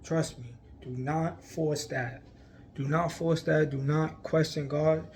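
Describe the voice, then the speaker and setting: A man's voice: on the high side, fairly even intonation, slow pace, creaky, darkish tone, slight background noise. A man talking earnestly to his viewers about faith, pleading and repeating himself, with frequent laughs. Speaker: faith vlogger. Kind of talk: casual spiritual encouragement to camera.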